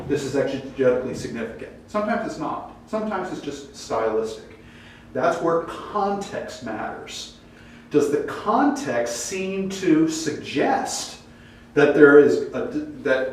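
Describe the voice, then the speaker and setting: A man teaching a Bible class in a casual lecture style, acting out quoted lines with lively pitch jumps. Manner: animated, acts out quoted dialogue with rising pitch. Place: church classroom. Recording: distant echoey room mic with faint noise.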